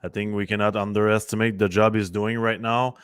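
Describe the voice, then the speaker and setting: Friendly former hockey player guest, dry sound. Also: male voice, lowish voice, level tone, smooth, dry recording. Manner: friendly, halting with restarts. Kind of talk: casual sports analysis.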